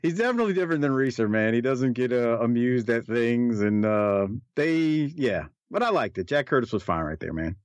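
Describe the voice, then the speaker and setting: A man's voice: mid-range voice, animated, brisk, hardly any pauses, no room sound. A man co-hosts a casual commentary chat, his thoughts spilling out in loose, rambling runs full of restarts and fillers. His voice sits in a middling register. It comes across dry and close, on a somewhat dull, lo-fi recording. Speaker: podcast co-host.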